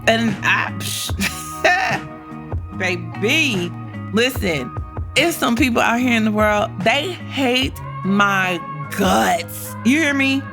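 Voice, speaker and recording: A woman's voice: on the high side, slow pace, over music. A woman hosting a career podcast, talking casually and bluntly, swearing freely and acting out her own thoughts. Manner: blunt, profane and animated, with many quoted inner voices. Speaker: podcast host. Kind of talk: casual solo podcast talk.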